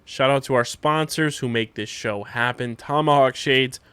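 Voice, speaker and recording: Smooth-voiced male podcast host. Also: medium pitch, a bit bright, no echo. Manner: quick reactions, brisk wrap-up plugs. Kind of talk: casual chat and outro read.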